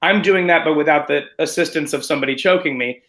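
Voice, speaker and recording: Animated self-mocking actor. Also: male voice, fairly high pitch, fast, hardly any pauses, low-quality recording. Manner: animated, self-deprecating, rambling with restarts. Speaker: stage actor, guest. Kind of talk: casual interview chat.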